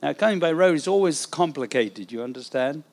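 A man, an evangelist, telling a testimony story in a sermon, animated and acting out the dialogue. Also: fairly high pitch, a little fast.

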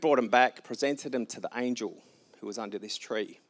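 A man's voice: fairly low pitch, normal speed. A man preaching informally, retelling a scripture story with casual asides and light humor.

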